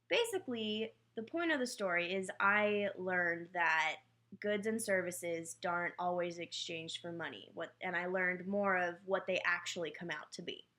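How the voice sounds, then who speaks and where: Young woman, bright, forceful voice, candid self-mocking storyteller. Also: fairly low pitch. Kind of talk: personal anecdote told casually.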